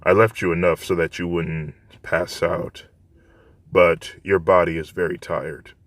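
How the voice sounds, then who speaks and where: A man doing a cold, quiet teenage warlock. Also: low-pitched, flat delivery, measured pace, no room sound. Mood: coldly calm. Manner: quiet, cold, matter-of-fact threats. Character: calm, menacing teenage boy warlock.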